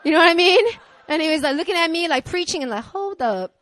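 A woman preaching a sermon who tells candid personal stories and acts out the dialogue with lively energy. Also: very high-pitched, very fast, no room sound. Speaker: preacher, pastor's wife.

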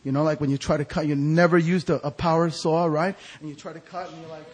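A man preaching a storytelling sermon as an evangelist, animated and acting out the voices of people in his stories. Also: fairly high pitch, fast talker, slight background noise. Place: church sanctuary.

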